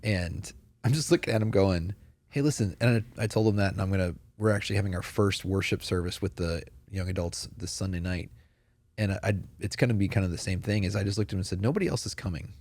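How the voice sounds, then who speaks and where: A man's voice: deep voice, fast talker, darkish tone, no room sound. A man in casual conversation on a church podcast, talking earnestly and telling stories with many fillers.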